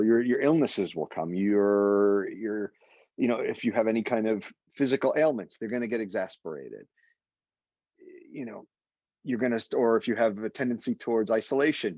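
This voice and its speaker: A man leading a guided meditation session, talking in an animated, emotional way. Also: breathy edge, no echo, muffled recording. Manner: animated and emotional, with sudden high exclaimed quotes. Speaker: meditation teacher.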